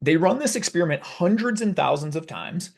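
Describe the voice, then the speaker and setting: A man hosting a video, telling a story in a casual, animated, conversational way. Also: sits high, fairly quick, gravelly. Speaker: video host. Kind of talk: casual talk to camera.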